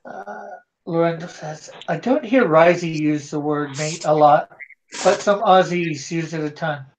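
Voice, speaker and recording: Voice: medium pitch, a little slow, slight background noise. A host from Canada, chatting casually on a live drawing stream and reading viewer comments aloud in an easygoing way. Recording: dull lo-fi sound.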